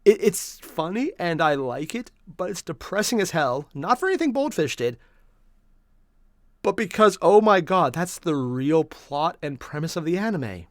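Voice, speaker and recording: A man's voice: a little high, very animated, normal speed, no echo. A man hosting a casual reaction video, rambling and repeating himself as he talks through his thoughts.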